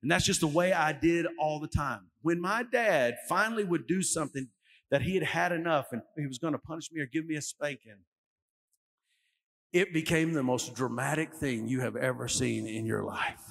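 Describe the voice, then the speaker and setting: In a long, reverberant hall with faint music, a middle-aged lead pastor delivers his sermon through lively stories, loudly performing the quotes. His voice is gravelly and a little high, at a normal speed.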